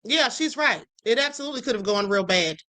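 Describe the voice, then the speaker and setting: A woman's voice: fairly high pitch, animated, brisk, pushed and bright. A woman hosting a livestream, commenting on clips in a blunt, emphatic and sassy way. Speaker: livestream host.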